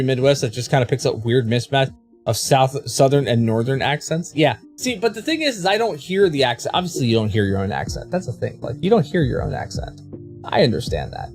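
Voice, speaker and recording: A man with a Baltimore accent chatting casually with viewers on a live game stream, rambling and repeating words as he restarts his thoughts. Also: on the high side. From Baltimore, USA.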